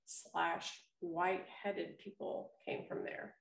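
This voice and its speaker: A middle-aged woman co-hosting a podcast in casual chat, explaining things slowly and deliberately. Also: fairly low pitch, level tone, creaky. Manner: slow, drawn-out explaining. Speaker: podcast co-host. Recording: echoey room.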